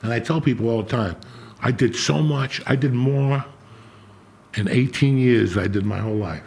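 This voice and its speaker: A man's voice: mid-range voice, moderate pace, gravelly, a little mellow. A middle-aged man telling a blunt, profanity-heavy personal story in casual chat as a podcast host.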